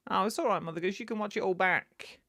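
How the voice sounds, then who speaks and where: A man's voice: high voice, fast, pushed and bright, no room sound, clean studio sound. A man hosting a live-stream quiz from his chair, chatty and teasing, often repeating answers. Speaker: quiz host. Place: indoors, seated at home.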